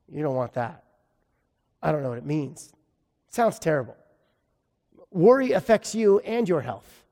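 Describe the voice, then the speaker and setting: A man's voice: on the high side, very animated, measured pace, creaky, warm tone, big-room sound. A man preaching a sermon in a conversational way, with self-deprecating humor. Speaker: pastor.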